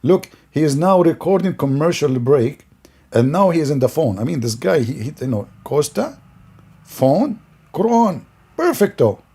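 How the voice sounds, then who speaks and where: A man's voice: a little high, expressive, fairly quick, dark tone, breathy edge. A man giving sarcastic, scornful commentary on a video, laughing often as he mocks it.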